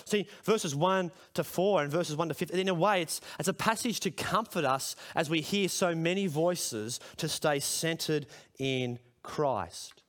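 A man's voice: a little high, a little slow, hardly any pauses, fairly bright tone. A middle-aged man preaching a sermon at a school chapel service, conversational and then emphatic as he puts questions to the room.

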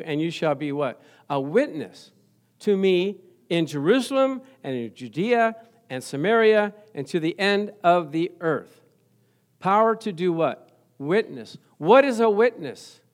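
Brief: middle-aged man, pastor mid-sermon, a touch high-voiced, playful, talks straight to the pews. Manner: lively, joking, calls out to the congregation.

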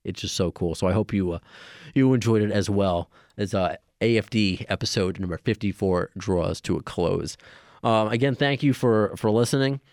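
A man hosting a podcast talks casually, pausing often and filling gaps with little sounds. His voice sits a bit low. The recording is dry and close, with no room echo. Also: darkish tone. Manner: rambling, halting with many fillers. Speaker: podcast host.

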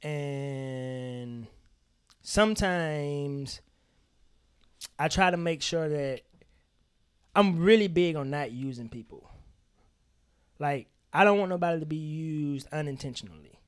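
Speaking slowly with long pauses, this co-host has a fairly high, clear, resonant voice. He chats candidly on the podcast, telling stories with emphatic energy and lots of swearing.

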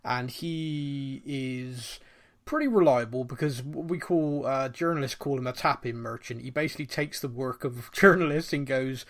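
A man co-hosting a podcast in casual football chat, chatty and quick to laugh, with plenty of fillers. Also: mid-range voice. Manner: chatty, laughs often, many fillers and restarts; reads listener mail aloud. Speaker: podcast co-host.

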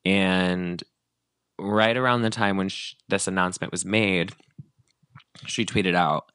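A man's voice: fairly low pitch, unhurried, pauses often, fairly bright tone, no echo. A man co-hosting a podcast, chatting casually about celebrity gossip and acting out quotes with lots of fillers. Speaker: podcast co-host.

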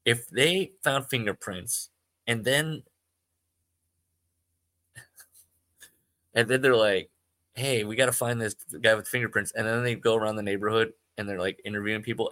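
A man's voice: on the low side, fairly even intonation, a little slow, pauses often, pushed and bright, no room sound. A man hosting a podcast who reads a story aloud and keeps breaking off to mock it and himself. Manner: self-deprecating, laughs at himself. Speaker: podcast host. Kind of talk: rambling comedic reading.

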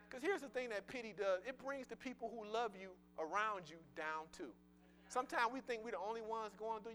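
A man giving a sermon with personal testimony, conversational and emphatic, repeating words and swinging from loud declarations to soft murmurs. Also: high voice.

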